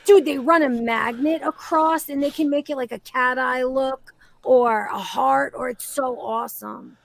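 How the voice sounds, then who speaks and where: A woman hosting a livestream in loose, excitable chat, swearing freely and tossing in "yo" and "dude". Her voice sits high with a gravelly fry, and she talks at an unhurried pace. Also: a little hiss or hum. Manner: excitable, profane, says "yo" and "dude" a lot. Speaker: streamer hosting a reaction stream.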